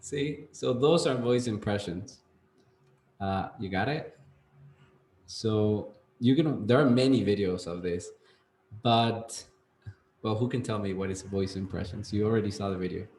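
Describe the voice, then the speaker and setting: Low-voiced English teacher, roomy sound. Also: male voice, a little slow. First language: Spanish. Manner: relaxed, rambling, lots of fillers and "okay?". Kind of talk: teaching a live English class. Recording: roomy echo.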